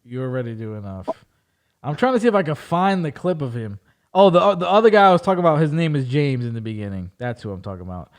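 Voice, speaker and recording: A man hosting a podcast, telling stories in an animated way, acting out quotes and laughing often. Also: a little high, fast talker. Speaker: podcast host. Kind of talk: casual chat.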